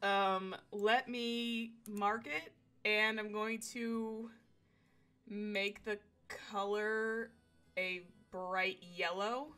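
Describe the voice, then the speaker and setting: A young woman streaming a game live from home on a desk mic, excitable, swearing freely and talking to her chat. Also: mid-range voice, clean tone.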